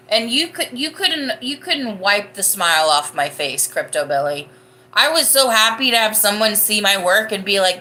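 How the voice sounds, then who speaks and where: Bright-voiced chatty woman livestream host. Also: a little high. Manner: chatty, rambling, laughs often. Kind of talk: casual chat reading live comments.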